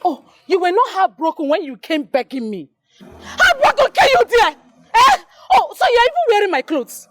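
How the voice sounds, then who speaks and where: An actress with a Nigerian accent playing a furious woman who loudly shames a man who owes her money, shouting in Pidgin. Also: very high voice, big pitch swings, moderate pace, noisy background. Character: loud furious woman shaming a debtor in public. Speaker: businesswoman owed money. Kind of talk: Nollywood film acting.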